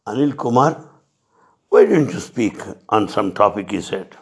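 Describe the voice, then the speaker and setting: A man delivers a devotional talk at a very slow, deliberate pace. His voice sits in a middle pitch, and he builds his points in emphatic lists broken by pauses. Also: a little mellow. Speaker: spiritual speaker.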